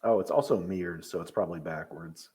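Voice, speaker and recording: Man, lowish voice, podcast co-host, playful casual chat. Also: fast talker, mellow. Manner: playful, jokey asides. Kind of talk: casual chat watching wrestling.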